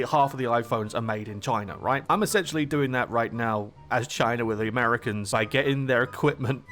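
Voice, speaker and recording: A man's voice: mid-range voice, a bit bright. Chatty man narrating a strategy game. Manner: chatty and rambling, often laughing at his own jokes. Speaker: gaming channel host. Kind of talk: casual strategy game commentary.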